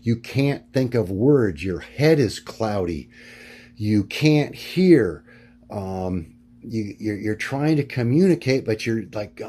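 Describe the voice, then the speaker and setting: A middle-aged man talking through his notes in a rambling monologue, halting and full of fillers, often searching for words. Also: fairly low pitch, animated, warm tone, slightly rough. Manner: halting, many fillers and restarts. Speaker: vlogger.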